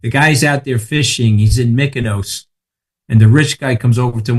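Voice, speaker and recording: A man chatting on a podcast at middle pitch, launching into rapid, profane anecdotes. He stacks aside on aside and keeps asking if you follow him. His delivery is brisk and blunt. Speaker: podcast guest. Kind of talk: casual chat.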